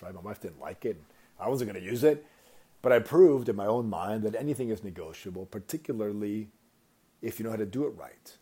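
A man hosting a podcast, telling a story in a casual, animated way and acting out the quoted lines. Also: medium pitch, slightly rough. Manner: animated anecdote with acted-out quotes. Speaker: podcast host.

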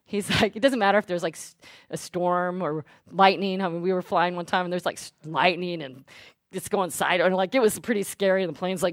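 A woman pastor preaching a sermon. She swings from hushed asides to loud, fervent declarations. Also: lowish voice, fairly even intonation, fairly quick, dry recording. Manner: speaks in tongues at full volume.

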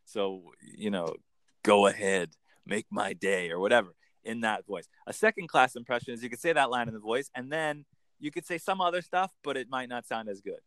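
A man working as an accent coach, chatting in an animated, storytelling way. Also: medium pitch, dry recording. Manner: animated, lively storytelling with quick bursts into put-on voices. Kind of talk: casual interview chat.

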